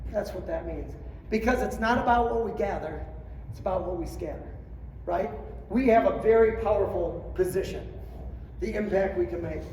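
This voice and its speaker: Middle-aged male clinic speaker, high voice, storytelling talk heard from a distance in a big room. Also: moderate pace, slight background noise. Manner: storytelling, acting out quotes, swings from quiet to shouting. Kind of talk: motivational speech to coaches. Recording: roomy hall, distant mic, faint ambience.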